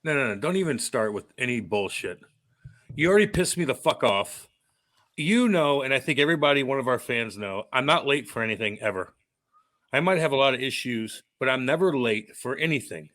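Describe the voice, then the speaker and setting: A man's voice: medium pitch, expressive, fairly quick, fairly bright tone. A man co-hosting a podcast, ranting and swearing in a worked-up casual chat. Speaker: podcast co-host.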